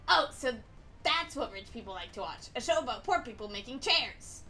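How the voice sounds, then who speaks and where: A woman's voice: mid-range voice, animated, brisk, bright, forceful tone. A woman streamer reading a game aloud with playful, giggly narration.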